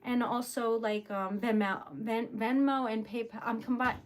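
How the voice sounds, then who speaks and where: A woman's voice: on the high side, fairly even intonation, moderate pace, slight background noise. A young woman from Rhode Island hosting a casual livestream, flustered and giggly, stammering a little as she chats. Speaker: livestream host.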